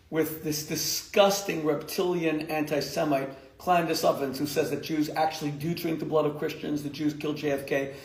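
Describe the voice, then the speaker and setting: A man, a rabbi, giving an emphatic, joking lecture to a community audience and laughing at his own jokes. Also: on the high side. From United States. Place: lecture hall. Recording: echoey lecture hall.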